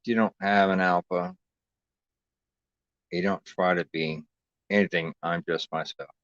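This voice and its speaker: A man's voice: deep voice, steady tone, a little slow, fairly bright tone, no echo. A man ranting in heated, profane casual chat as a podcast host, often stumbling and restarting his sentences. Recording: dull, dry lo-fi recording.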